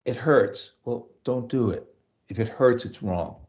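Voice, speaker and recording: A man who teaches voice, talking through lessons and telling anecdotes in a relaxed interview. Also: medium pitch, a little slow, lo-fi sound. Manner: storytelling, acts out quotes, restarts often.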